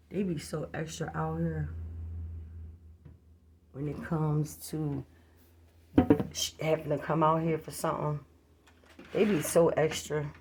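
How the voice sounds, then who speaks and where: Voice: medium pitch, noisy background. A vlogger recording at home on a handheld phone, talking casually to viewers in a rambling, profane way and calling them y'all. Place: at home, near a street.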